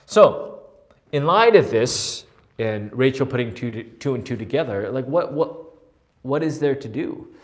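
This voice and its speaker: A man leads a Bible study conversationally, animated and frequently asking a rhetorical "right?" while restarting his sentences often. His voice is mid-range and his delivery a little slow.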